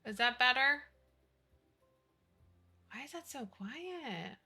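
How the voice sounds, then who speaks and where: A woman's voice: high voice, expressive, takes it slowly, bright, forceful tone, husky, faint music behind. A young woman streaming live, chatting casually, swearing freely and apologizing as she fiddles with her settings.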